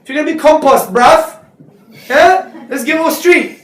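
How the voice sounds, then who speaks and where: A man giving a lively, joking lecture to students, slipping into street slang. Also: very high-pitched, normal speed. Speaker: Islamic speaker. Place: lecture hall. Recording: echoey hall recorded from far off.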